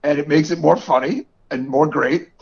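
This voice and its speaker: A man's voice: on the high side, fairly even intonation, moderate pace, creaky, darkish tone, husky. A man in his forties with a New York area accent, co-hosting a podcast in casual chat and laughing often. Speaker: podcast co-host. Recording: dull lo-fi podcast audio.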